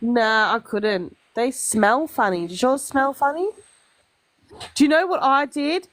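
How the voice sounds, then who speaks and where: A high-voiced Australian woman chats on a phone livestream. She is blunt and swears freely, and she rambles happily through her stories. The sound is dry and close, with no room around it. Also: unhurried, fairly bright tone, dry recording. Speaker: guest on a livestream. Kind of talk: casual chat. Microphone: phone mic on a livestream.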